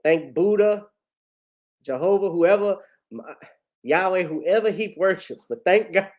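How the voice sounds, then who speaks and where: Man, vlogger, casual commentary, slightly high voice, rambling, chatty. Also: a little slow, a little mellow, highs cut off. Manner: casual, rambling, addresses viewers as family.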